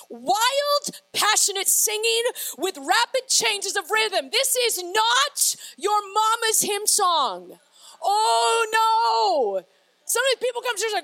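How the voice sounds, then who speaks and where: A woman preaching a lively, playful sermon that rises to shouted praise. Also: very high voice.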